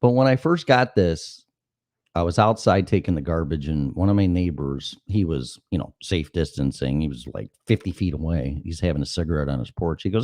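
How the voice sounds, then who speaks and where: Middle-aged male host, deep voice swinging wide, dry close sound, profane storyteller. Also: fairly quick, dry recording. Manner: animated, profane, acts out dialogue. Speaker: talk show host. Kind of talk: casual chat, anecdotal storytelling.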